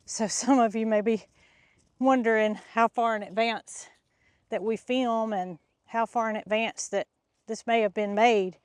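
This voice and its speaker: A woman in middle age talks to her viewers as she walks outdoors with a cow, excited and slightly winded. Her voice sits fairly high, and the sound is close and dry. She rambles casually and eagerly. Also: unhurried, dry recording. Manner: chatty and excitable, talking to viewers. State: slightly out of breath. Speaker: farm vlogger. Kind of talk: casual vlog narration. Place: outdoors in a pasture.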